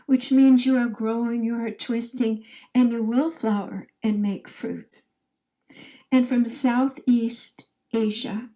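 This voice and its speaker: A woman leading a guided meditation in a soft, drawn-out way, her phrases trailing off into whispers as she invites listeners to repeat affirmations after her. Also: a little high, steady tone, poor audio. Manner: leads call-and-response affirmations.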